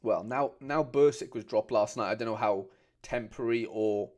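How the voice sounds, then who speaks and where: A man's voice: on the low side, moderate pace, darkish tone. A man hosting a casual livestream, chatting with viewers and calling them mate. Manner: chatty, reads out viewer comments, calls people mate. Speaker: host.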